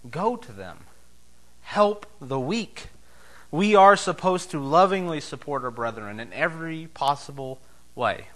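Emphatic, bright-voiced male preacher. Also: lively intonation, moderate pace. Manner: emphatic, swings between loud declarations and soft, low asides. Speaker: pastor. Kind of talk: sermon.

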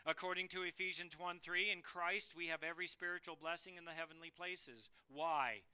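A man preaching a sermon earnestly, swinging between emphatic declarations and hushed, quiet phrases. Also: on the high side, steady tone, fairly quick, smooth.

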